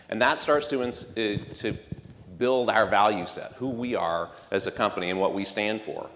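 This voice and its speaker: Male marketing exec, on stage, sells the keynote with rhetorical punch and dry wit, deeper voice carried by long hall reverb. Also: a little hiss or hum. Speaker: marketing executive giving a conference talk. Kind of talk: conference keynote speech.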